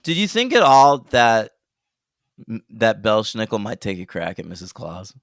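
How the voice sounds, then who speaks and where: A man's voice: fairly low pitch, a little slow, dry recording, studio quality. A man co-hosting a podcast, chatting casually and jokily about movies. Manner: animated, jokey, laughs often. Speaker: podcast co-host. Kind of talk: casual movie review chat.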